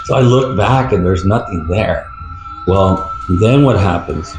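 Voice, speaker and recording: An older man, a retired police officer, recounting an experience from his career in a rambling, halting way with many fillers. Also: deep voice, animated. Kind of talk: storytelling interview. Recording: roomy echo with faint music.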